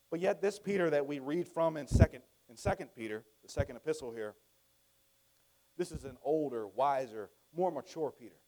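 A man with a high-sitting voice preaches a sermon conversationally, swinging between hushed, quiet lines and loud, emphatic ones.

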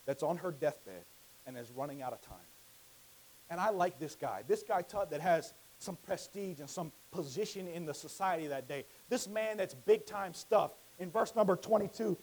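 Man, high voice, fiery sermon preacher: repeats and builds to shouts. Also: rough recording. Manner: swings from quiet teaching to loud impassioned shouting; repetitive, emphatic preaching cadence.

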